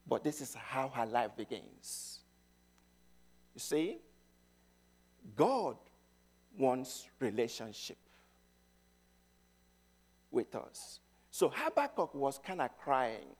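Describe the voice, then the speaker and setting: A middle-aged man preaching a sermon, telling stories with emphasis and swinging between loud and hushed. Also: mid-range voice, sing-song, slow pace, long pauses, slightly rough.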